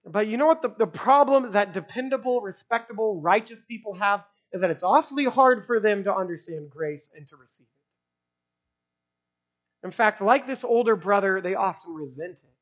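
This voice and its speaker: A man preaching a sermon to a live congregation, conversational, often asking "right?" and dropping to a hushed voice for emphasis. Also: high voice, moderate pace. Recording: dull lo-fi sound.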